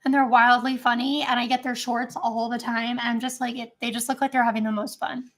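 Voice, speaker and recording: A chatty woman with a high, light voice, talking fast and loosely on a home live stream. She rambles and giggles between thoughts, casual and unscripted. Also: flat delivery. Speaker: vlogger.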